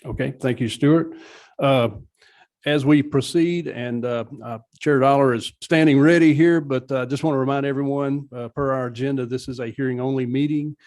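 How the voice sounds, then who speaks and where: A man's voice: medium pitch, steady tone, normal speed, darkish tone. A man chairing a legislative committee hearing, giving procedural reminders with frequent uhs.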